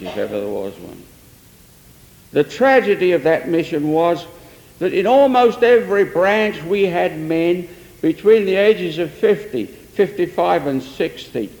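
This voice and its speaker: A man's voice: fairly high pitch, darkish tone. An older man preacher telling a story in an earnest sermon, with emphatic swells. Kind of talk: sermon testimony. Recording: long echo of a large hall.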